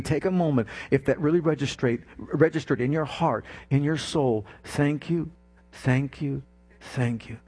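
In a fervent sermon, a man with a husky, mid-range voice shifts from gentle, close passages to climbing exclamations. He repeatedly calls for responses from the congregation.

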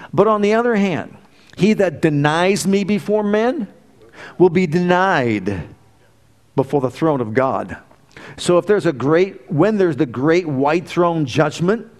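A middle-aged man with a high voice preaches a sermon emphatically, full of rhetorical questions. He swings between loud exclamations and hushed asides.

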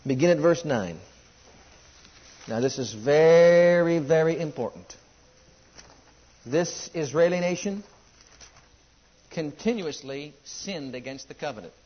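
A man preaching a sermon, reading scripture slowly and swinging between loud, high declarations and low, quiet asides. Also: lively intonation. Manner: rising and falling preaching cadence, drawn-out scripture readings. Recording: muffled lo-fi sermon recording.

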